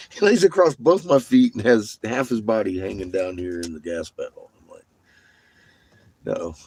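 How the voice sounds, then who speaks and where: A man's voice: fairly low pitch, expressive, normal speed, a little mellow, slight background noise. A man livestreaming from his vehicle, chatting casually with viewers, laughing often and swearing freely.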